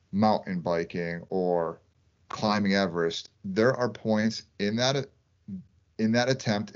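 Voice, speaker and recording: A man co-hosting a casual podcast, working through his ideas out loud and checking in with his partner as he goes. His voice is low-pitched. The sound is muffled and lo-fi. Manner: thinks aloud, often adds "like" and "right?". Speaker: podcast co-host. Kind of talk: casual conversation.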